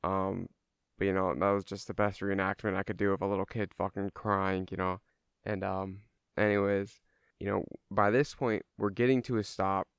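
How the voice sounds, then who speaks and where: A man's voice: low voice, level tone, normal speed, clear, resonant tone, no echo, studio quality. A young man telling a personal story in a casual, rambling way, swearing freely and using lots of fillers. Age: young adult.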